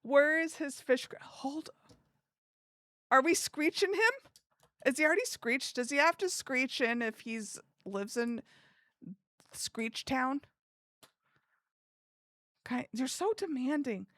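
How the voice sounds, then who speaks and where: Slow and high-pitched with a fairly bright tone and long pauses, a young streamer chats casually to her live viewers. She giggles and mutters to herself as she works things out, and the clean studio recording has no room sound.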